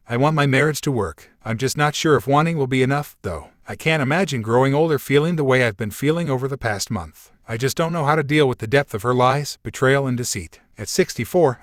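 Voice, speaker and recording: A man narrates online posts in a steady, even voice at a middling pitch. The sound is close and dry, with no room around it. The delivery stays measured and scripted throughout. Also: dry recording. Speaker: story narrator.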